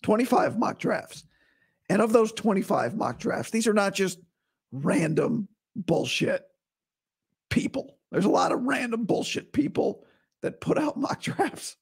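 Hoarse male podcast host with a gravelly fry, blunt and opinionated, talking straight to listeners. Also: sits high, very animated, unhurried. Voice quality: rough, breathy voice dropping into whispers. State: hoarse, recovering from vocal cord surgery. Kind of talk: casual solo podcast monologue.

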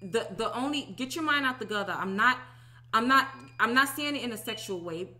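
Bright-voiced woman telling a testimony. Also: fairly high pitch, brisk. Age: 30s. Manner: animated, emphatic storytelling with repeated "okay?". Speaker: religious teacher. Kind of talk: personal testimony talk.

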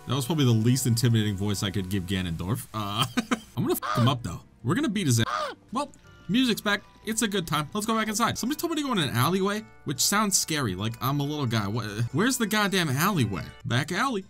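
A young man hosting a casual video game let's play, excitable and joking as he plays. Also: fairly high pitch, quick pace, faint music behind. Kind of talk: casual gameplay commentary.

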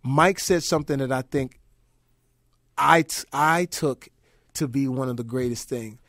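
A man in his forties, a guest telling stories on a radio show with lively impressions and shouted punchlines. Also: mid-range voice, unhurried, no echo, studio quality. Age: 40s. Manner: animated, does voices and shouts in his stories. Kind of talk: casual storytelling with impressions.

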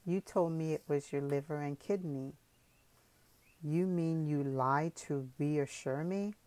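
A woman's voice: sits low, takes it slowly, mellow, rough recording. A woman reading the part of a chatty, worried older village mother in an audiobook. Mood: fussing.

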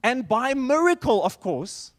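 A male pastor preaching a sermon in church, telling a story with emphatic, animated delivery. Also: very high-pitched, unhurried.

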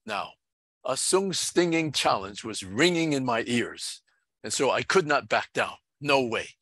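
A middle-aged man, a pastor, recounting a story in an earnest, measured sermon style. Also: medium pitch, animated, pushed and bright, no room sound.

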